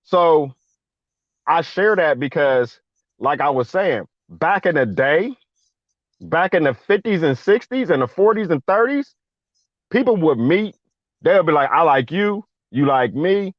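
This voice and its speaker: A man's voice: a little high, a little slow, pauses often, no echo. A man telling a long personal story in casual chat, slangy, acting out the people he quotes. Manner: animated, slangy, acts out quoted voices. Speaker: guest veteran. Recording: dull lo-fi dry sound.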